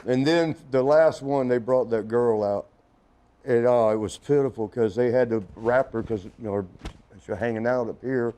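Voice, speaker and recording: A man's voice: mid-range voice, normal speed, dark tone, a little hiss or hum. A middle-aged man as an interview guest, telling a rambling anecdote in a casual way, often chuckling and acting out other people's lines.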